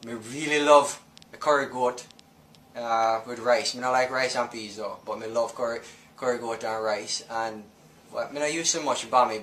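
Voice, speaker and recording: A man's voice: medium pitch, fairly bright tone, roomy sound, a little hiss or hum. A man with a Jamaican accent chatting in patois, teasing a little.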